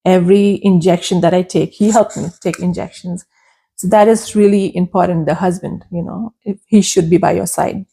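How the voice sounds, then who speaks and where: A woman's voice: on the low side, fairly even intonation, normal speed, vocal fry, dark tone, slightly rough. A young adult woman, a podcast guest, telling her personal story candidly and emotionally, repeating phrases for emphasis.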